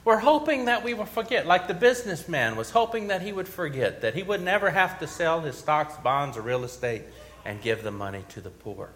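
A man's voice: a little high, lively intonation, a little fast, fairly bright tone, slight background noise. A man preaching a sermon as pastor, telling a story with rising emphasis and small restarts.

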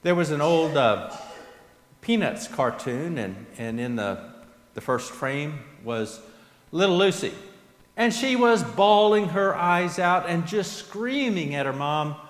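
Male pastor, sermon, earnest, lively pitch, echoey hall, long reverb. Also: slow pace. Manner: earnest, rising questions and soft endings. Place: church sanctuary.

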